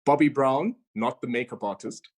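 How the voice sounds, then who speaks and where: A woman's voice: extremely low pitch, normal speed, darkish tone. A woman hosting an online quiz over a video call, chatty and stumbling over her words as she reads each question twice. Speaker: quizmaster.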